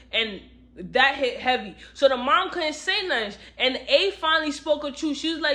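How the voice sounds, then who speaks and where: Bright-voiced woman chatting about a book. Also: sits high, normal speed. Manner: chatty, animated retelling with slang. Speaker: book reviewer. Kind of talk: casual book review chat.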